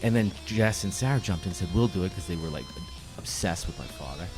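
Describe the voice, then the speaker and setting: Deep-voiced man rambling through a story. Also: expressive, fast talker. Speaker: podcast co-host. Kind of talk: casual chat. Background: music playing.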